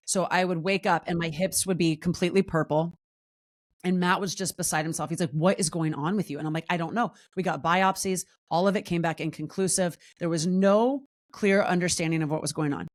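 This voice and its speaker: A woman in her forties, a guest on a podcast, telling a personal story candidly and lively, jumping high in pitch when she acts out what people said. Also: brisk. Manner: animated, acts out quoted voices with big pitch jumps. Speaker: podcast guest, wellness coach.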